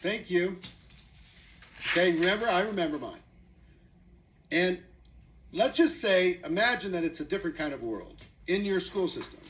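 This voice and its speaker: A man's voice: sits high, animated, normal speed, a bit bright, a little hiss or hum, low-quality recording. A man speaking as a network marketing presenter, telling a story with rhetorical questions to his audience in a motivational talk.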